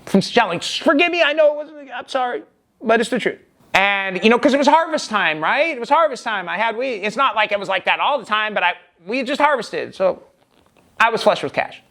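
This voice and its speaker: High-voiced man telling a rambling story. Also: animated, a little fast, sharp tone. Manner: rambling, emphatic retelling with restarts. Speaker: vlogger. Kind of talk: personal storytelling vlog.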